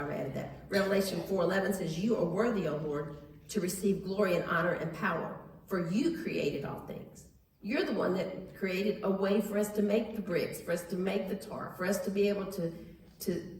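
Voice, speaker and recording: A woman teaching a Bible study to a live group, earnest and conversational, often restarting her sentences and adding asides. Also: on the low side. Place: large echoey room with a live group. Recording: very echoey room recording from far off.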